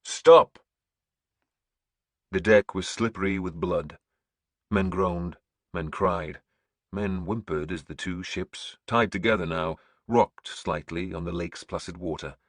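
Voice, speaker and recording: Male audiobook narrator, grim and measured, very dry studio sound. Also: sits low, husky, no echo.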